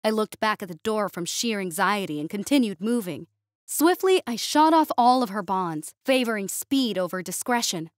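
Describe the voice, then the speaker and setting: Female storyteller for sci-fi narration, steady and expressive, dry recording. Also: medium pitch, normal speed, no echo.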